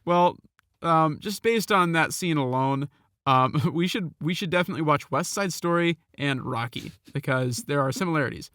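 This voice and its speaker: A man co-hosting a film review podcast, speaking in a measured, hesitant way with fillers. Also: on the high side, a bit bright, dry recording, clean studio sound. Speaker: podcast co-host. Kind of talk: casual film review chat.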